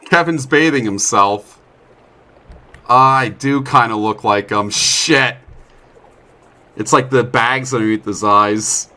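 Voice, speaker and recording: A young man streaming a survival game talks slowly in a medium-pitched voice, bright and forceful, leaving long pauses. His let's play commentary is chatty and self-deprecating, punctuated by startled outbursts.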